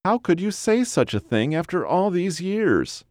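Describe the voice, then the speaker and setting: A man's voice: sits high, big pitch swings, measured pace, darkish tone, no echo, studio quality, voice pushed up. A man voicing a whiny, nagging older woman in an audiobook, fretting and pleading with a whiny voice. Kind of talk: audiobook character voice.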